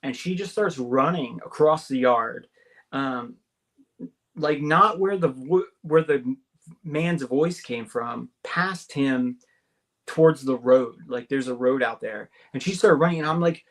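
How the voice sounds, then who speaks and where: A man, a guest on a radio show, tells an experience of his own in an animated way, filling his talk with "like" and "right?" and raising his voice to act out the people he quotes. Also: unhurried. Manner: excited, repetitive, uses many fillers and tag questions; acts out the quoted voices, jumping higher for them. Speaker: guest recounting an abduction experience. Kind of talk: animated personal storytelling. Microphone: call-in or studio mic on a talk radio show.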